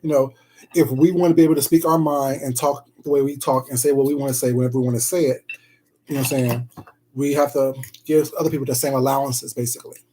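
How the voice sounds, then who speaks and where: A man's voice: medium pitch, little pitch movement, fast, warm tone, slight background noise, low-quality recording. A man live-streaming himself eating, chatting casually and greeting viewers in the chat with pet names like "baby" and "sweetheart".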